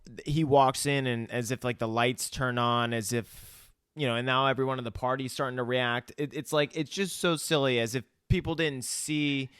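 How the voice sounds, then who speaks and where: A man's voice: medium pitch, steady tone, moderate pace, few pauses, fairly bright tone, smooth, no echo, studio quality. A man co-hosting a podcast, chatting casually and wryly about a film and swearing freely. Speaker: podcast co-host. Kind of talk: casual chat.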